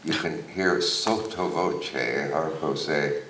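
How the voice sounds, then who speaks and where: A man's voice: a bass voice, steady tone, slow, a bit bright, recorded from a distance, slight background noise. An older man in a wry, joking on-stage conversation in a theater. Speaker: talk show host on stage. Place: theater stage before an audience. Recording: roomy hall, mic from afar.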